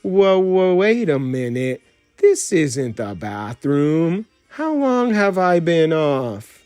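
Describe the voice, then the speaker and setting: A man's voice: a little high, sing-song, no echo, faint music behind. A man doing a chirpy talking gadget toy. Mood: dazed. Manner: bright announcer patter turning slow and dazed. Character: boastful cheerful talking toilet-shaped gadget.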